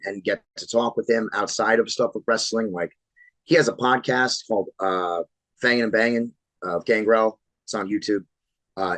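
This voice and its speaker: A man in his thirties from Florida, a pro wrestler telling animated, swear-laced stories as a podcast guest. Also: lowish voice, no echo, low-quality recording. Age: 30s. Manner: animated storyteller, swears freely. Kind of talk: casual podcast interview storytelling.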